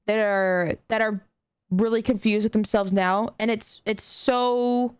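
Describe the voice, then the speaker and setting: A woman's voice: medium pitch, fairly even intonation, unhurried, smooth, no room sound. A young adult woman streaming a reaction video, talking casually and earnestly to her chat with lots of slang, fillers and swearing. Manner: earnest, talks directly to chat.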